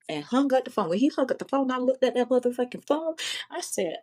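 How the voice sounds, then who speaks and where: Florida woman, podcast guest, spins a profane story with animated quotes. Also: mid-range voice, fairly quick. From Florida, USA. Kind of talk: casual storytelling.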